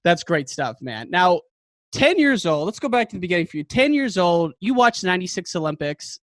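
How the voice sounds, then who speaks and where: Upbeat male podcast host with a bright pitch. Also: sing-song, a little fast, dry recording, studio quality. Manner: enthusiastic, laughs often. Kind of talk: casual interview.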